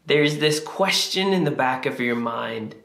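Earnest pastor in an echoey room. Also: male voice, medium pitch, expressive, a little slow, gravelly, fairly bright tone. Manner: earnest, confessional, voice rises when reenacting prayers. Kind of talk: sermon.

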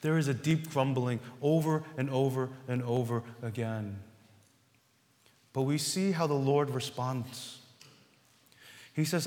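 A man preaching a sermon as pastor, earnest and repetitive, building to loud emphasis on key words. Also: mid-range voice, takes it slowly, long pauses, long reverb tail.

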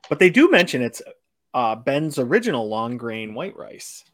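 A man co-hosting a podcast, chatting in a relaxed way and steering the conversation around the group. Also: mid-range voice, moderate pace. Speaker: podcast co-host. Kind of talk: casual chat.

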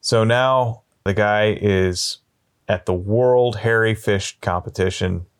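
A man telling long shaggy-dog jokes in a deadpan way, slowing down and pausing as he builds them up. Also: on the low side, clear, resonant tone. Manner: deadpan, drawn-out storytelling with slow pauses. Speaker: storyteller.

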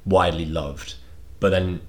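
A man's voice: low-pitched, steady tone, unhurried, darkish tone. A man chatting casually as co-host, dropping wry joking asides. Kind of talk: casual chat.

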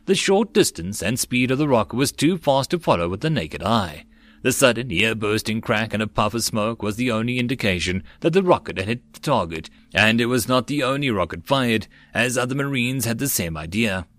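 A man narrating a web novel audiobook in a steady reading voice. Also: medium pitch, no echo.

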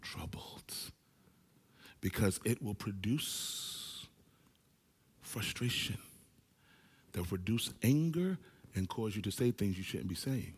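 Animated preacher man, husky, hall reverb. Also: on the low side, slow, long pauses. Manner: animated preaching, swings from loud to hushed. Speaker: pastor. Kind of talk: sermon. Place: small church service with few people present.

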